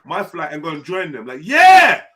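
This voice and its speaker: A man hosting a live panel stream, talking in an animated, incredulous, joking way full of slang. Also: fairly high pitch, normal speed, crowd noise. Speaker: live panel show host. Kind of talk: casual live-stream chat.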